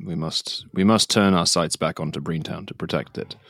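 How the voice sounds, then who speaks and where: Very deep-voiced man role-playing. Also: fairly even intonation, moderate pace, gravelly, a bit bright, no echo, clean studio sound. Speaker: player.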